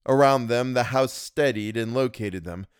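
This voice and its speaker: A man narrating a novel in an expressive, measured way. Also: medium pitch, clean tone, no echo, studio quality. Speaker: audiobook reader. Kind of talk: scripted narration.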